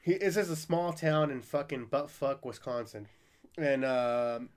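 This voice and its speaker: A man's voice: medium pitch, measured pace. A man hosting a podcast in casual chat, rambling and profane, laughing often. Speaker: podcast host.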